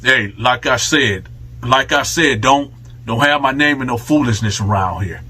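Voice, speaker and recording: A man voicing a big, menacing male inmate who gives slow, repeated warnings. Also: medium pitch, sharp tone, slightly rough, voice pushed down. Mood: threatening.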